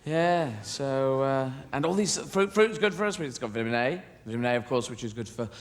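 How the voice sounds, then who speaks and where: A man's voice: medium pitch, expressive, brisk. A man doing stand-up comedy on stage, rambling through absurd tangents, swearing, and slipping into silly voices. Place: stage at a live show. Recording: live show with loud background noise.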